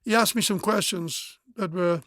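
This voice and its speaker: Speaking at normal speed in a high, slightly bright voice, this man from Wales recounts something from his own life as a guest. He's a musician in his forties, blunt and profane, performing the dialogue as he remembers it. The studio-quality audio has no room sound.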